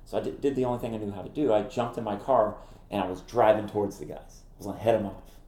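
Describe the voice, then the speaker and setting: A middle-aged man, a ministry founder and former campus minister, telling stories in an interview in an animated way, laughing at himself. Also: lowish voice, fast, echoey room. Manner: animated, acts out quoted voices, laughs at himself. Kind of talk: conversational interview storytelling.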